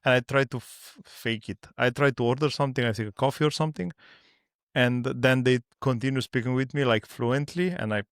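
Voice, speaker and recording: Creaky-voiced man, hesitant guest. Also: medium pitch, a little fast, no echo, clean studio sound. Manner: non-native English, hesitant restarts and searching for words. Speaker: podcast guest. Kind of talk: casual conversation.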